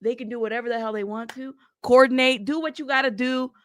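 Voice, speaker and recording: A woman's voice: fairly high pitch, fairly even intonation, quick pace. A woman hosting a casual news livestream, chatty and blunt, who laughs often, greets her chat by name and has a slightly sick throat.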